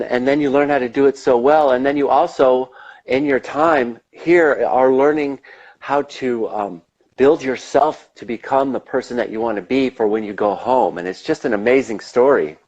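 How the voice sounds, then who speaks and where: A man's voice: medium pitch, moderate pace, darkish tone, muffled recording. A man being interviewed in a casual chat, talking in a rambling, enthusiastic way and swearing now and then. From United States. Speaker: interview guest.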